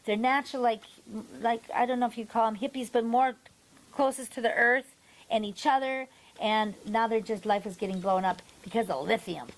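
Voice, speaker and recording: Animated higher-voiced woman podcast host. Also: moderate pace, poor audio. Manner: animated storytelling, acts out quoted people. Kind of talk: casual podcast chat.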